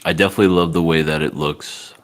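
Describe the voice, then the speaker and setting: A man co-hosting a podcast in casual chat, laughing often and acting out characters in high squeaky voices. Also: fairly even intonation, fast. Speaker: podcast co-host.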